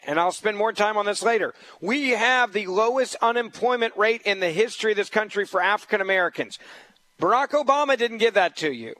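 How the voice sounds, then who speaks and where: A fill-in host on a political talk radio show, this man delivers a combative, emphatic monologue and keeps repeating his points. His high voice is quick, bright and forceful, on a dry recording with poor audio.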